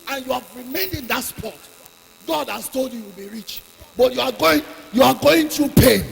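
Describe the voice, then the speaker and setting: A man's voice: extremely high pitch, moderate pace, creaky. A man preaching a fervent sermon, repeating his lines for emphasis, recorded in a long hall reverb. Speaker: pastor.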